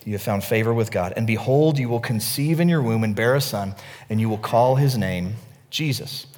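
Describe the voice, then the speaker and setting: A middle-aged male pastor preaching a sermon, telling stories with energy, dropping to a hush and then rising to near shouts. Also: on the low side, moderate pace, in a large hall. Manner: storytelling, animated, swings from hushed to near-shouting.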